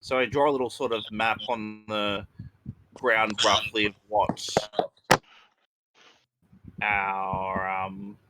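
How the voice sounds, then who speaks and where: A man's voice: fairly low pitch, flat delivery, slow, long pauses, noisy background. A man playing a tabletop game, talking in a hesitant, casual way full of ums. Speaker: player.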